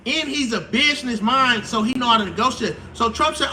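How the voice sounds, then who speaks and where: A man, hosting a casual live stream explainer, slangy and animated, acting out quotes. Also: extremely high pitch, a little fast, few pauses, slight background noise.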